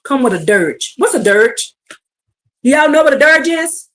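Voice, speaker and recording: A woman teaching a streamed bible class, reading scripture and preaching it out in slang, building to shouts. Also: high-pitched, very animated, moderate pace.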